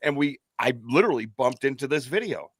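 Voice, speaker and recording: An American podcast co-host tells a long personal story in a casual, rambling way, full of fillers and restarts. His mid-range voice is expressive, fairly quick and a bit bright. The studio-quality audio has no echo.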